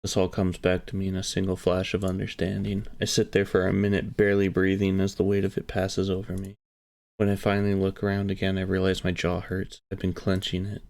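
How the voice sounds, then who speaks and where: A man narrating a dark first-person story in a hushed, brooding, confessional way. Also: deep voice, completely flat delivery, a little fast, vocal fry. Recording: soft music behind.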